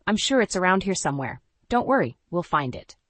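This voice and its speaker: Woman narrator voicing a calm dismissive husband, low level voice, dry close sound, audio story. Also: fairly quick, no echo. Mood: placating. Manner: level, placating.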